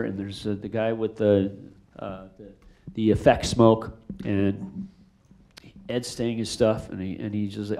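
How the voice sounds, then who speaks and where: A middle-aged man, a film director, answering audience questions after a screening, telling stories in a rambling, animated way full of fillers and restarts. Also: medium pitch. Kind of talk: casual storytelling Q&A.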